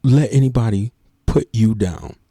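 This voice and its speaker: Gravelly, dark-voiced middle-aged man. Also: fairly low pitch, measured pace, no room sound, studio quality. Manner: earnest, preachy, emotional. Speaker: church organist. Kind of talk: heartfelt casual talk to camera.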